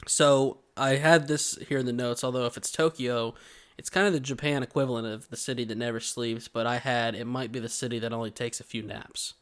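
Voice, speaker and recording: A man's voice: mid-range voice, fairly even intonation, fairly quick, a bit bright, clean tone. A man in his twenties co-hosting a podcast, chatting casually with rambling, joking stories. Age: 20s. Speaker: podcast co-host. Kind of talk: casual chat.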